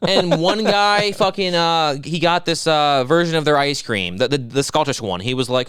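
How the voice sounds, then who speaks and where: A man's voice: on the high side, lively intonation, normal speed, hardly any pauses, a bit bright, smooth, dry recording, studio quality. A young man co-hosting a podcast in a casual comedic chat, rambling crudely and slipping into goofy voices when mocking people. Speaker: podcast co-host.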